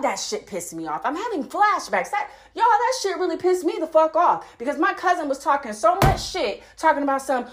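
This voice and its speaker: A woman in her thirties hosting a podcast, telling a story in a blunt, profane, animated way. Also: high voice, a little fast, hardly any pauses, slight background noise. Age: 30s. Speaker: podcast host. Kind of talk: casual storytelling.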